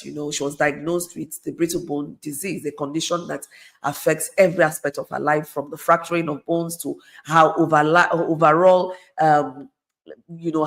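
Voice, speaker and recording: A middle-aged woman, speaking as a guest in an earnest, conversational way and repeating phrases for emphasis. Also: sits low. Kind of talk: conversational advice talk.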